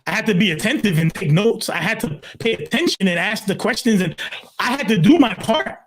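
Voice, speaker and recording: A man in his sixties from Brooklyn, a pastor telling his life story in an interview, emphatic and animated, leaning on "literally" and acting out his own quotes. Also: sits high, a little fast, crowd noise. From Brooklyn, New York. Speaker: pastor, guest.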